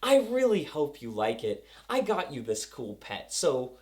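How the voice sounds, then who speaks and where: A man's voice: fairly high pitch, wildly swooping pitch, a little mellow, voice pushed down. A man voicing a sinister male vampire servant in a clumsy put-on German accent. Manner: clumsy, halting impression.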